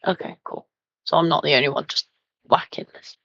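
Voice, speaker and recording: A woman's voice: deep voice, steady tone, brisk, gravelly, fairly bright tone, no echo, lo-fi sound. A woman playing a tabletop game who talks hesitantly, with many ums and apologies. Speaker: player.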